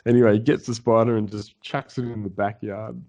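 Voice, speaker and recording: A man's voice: fairly low pitch, fairly quick. A man, co-hosting a podcast, telling a story in casual chat and swearing a lot as he acts out the voices of the people in it. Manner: animated, swearing often, acts out voices in his stories. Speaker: podcast co-host.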